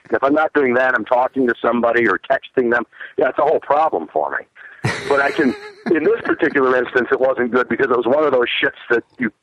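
A man's voice: medium pitch, quick pace, a bit bright, no echo. A man around forty, calling in to a talk show, rambling and cynical, a little winded. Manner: rambling, self-deprecating, cynical. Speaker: phone-in guest. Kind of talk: casual crude chat. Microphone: phone. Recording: muffled phone line.

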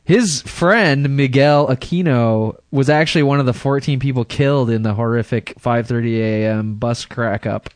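A man's voice: mid-range voice, normal speed, hardly any pauses, no echo, studio quality. A man co-hosting a casual podcast, reading news stories aloud with crude jokes, often stumbling over names and laughing mid-sentence. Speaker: podcast co-host.

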